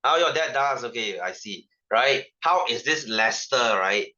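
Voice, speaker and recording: Joking Malaysian tutor with a bright voice. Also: male voice, medium pitch, animated, normal speed, dull audio. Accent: Malaysian English. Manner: chatty, joking, full of "right?" asides. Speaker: science tutor. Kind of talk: casual online science lesson.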